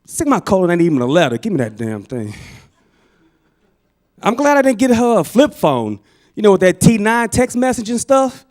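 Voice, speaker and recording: A man from St. Louis doing a stand-up comedy set on a club stage, animated and slipping into character voices. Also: high voice, normal speed, long pauses. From St. Louis, Missouri.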